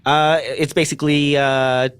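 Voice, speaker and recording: A man playing an evasive appetizer chef who talks haltingly with many pauses. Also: a little high, flat delivery, a bit bright, clean tone. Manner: halting, full of uh's, evasive. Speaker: improvised character guest.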